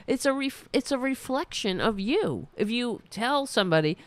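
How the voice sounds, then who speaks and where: A woman's voice: medium pitch, sing-song, moderate pace, few pauses, dry recording. A woman hosting a solo political commentary show, rambling and ranting with indignation. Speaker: podcast host.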